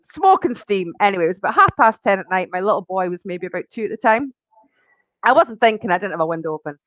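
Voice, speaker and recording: A woman's voice: medium pitch, very animated, fast, a bit bright, no echo, lo-fi sound. A woman chatting casually as a guest, telling a story with lots of animation and laughter, acting out the lines of the people she quotes. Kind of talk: casual chat.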